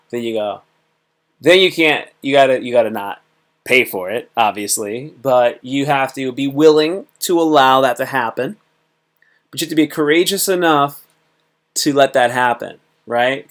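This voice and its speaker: A man hosting a casual livestream talk, rambling and repetitive, often acting out little dialogues. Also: mid-range voice. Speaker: host. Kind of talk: casual livestream monologue on self-improvement.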